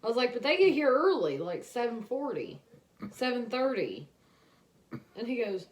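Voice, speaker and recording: A woman's voice: high voice, sing-song, moderate pace. Tired laughing woman, casual chat. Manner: loose, laughing storyteller. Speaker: co-host.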